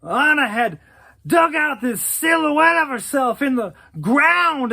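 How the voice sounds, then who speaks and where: Young joker played by a man, high, gravelly voice, slow, laughing, crude storytelling. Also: sharp tone, full character voice. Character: cocky young man, art-scene joker. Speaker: babysitting cousin. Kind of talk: storytelling monologue.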